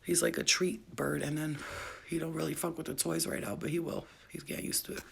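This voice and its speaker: Woman livestreamer, low gravelly voice, slangy, profane, affectionate home chat. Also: little pitch movement, fairly quick, a little hiss or hum. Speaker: spiritual healer selling boxes on a livestream. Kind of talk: casual late-night livestream chat.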